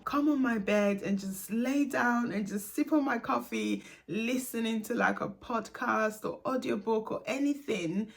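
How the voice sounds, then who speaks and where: A woman's voice: fairly high pitch, unhurried, gravelly, few pauses. A young woman, a single mother, talking candidly to camera in a vlog, confiding and laughing now and then.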